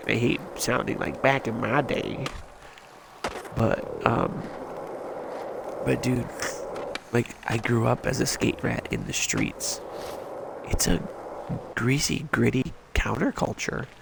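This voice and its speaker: Stuffed up guy on a headset, super gravelly, cussing and rambling, noisy stream audio. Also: mid-range voice, very animated, slow pace, long pauses. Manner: rambling, frustrated, swears freely. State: stuffed up, just woke up. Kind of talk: casual gaming stream rant.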